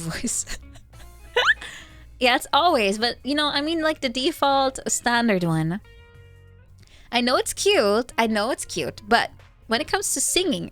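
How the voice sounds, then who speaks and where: A giggly woman with a Dutch accent chats casually on a stream. Her voice sits a little high and swoops widely up and down, and she talks at an unhurried pace. Faint music plays behind her. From Netherlands. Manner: giggly, laughs often, squeals in excitement. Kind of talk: casual chat.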